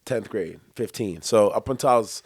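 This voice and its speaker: A man's voice: fairly low pitch, normal speed, vocal fry, darkish tone, slightly rough, no room sound. A young man co-hosting a podcast, telling a long story in casual chat, acting out quotes and laughing often. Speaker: podcast co-host.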